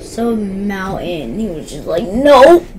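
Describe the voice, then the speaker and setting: A young woman giving excitable gameplay commentary, gasping and yelping at every play. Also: mid-range voice, slow, a little hiss or hum. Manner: yelps, gasps and shouts at each play. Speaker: gaming YouTuber.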